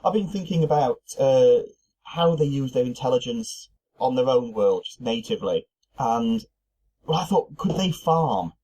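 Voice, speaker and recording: Man, middle pitch, casual podcast chat, musing, thinks aloud. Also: animated, normal speed, warm tone, slightly rough, low-quality recording. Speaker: podcast co-host.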